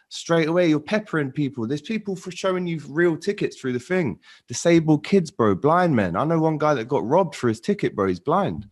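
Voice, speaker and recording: A man's voice: fairly high pitch, lively intonation, normal speed. A man from London giving a heated, ranting take as a guest in a casual chat.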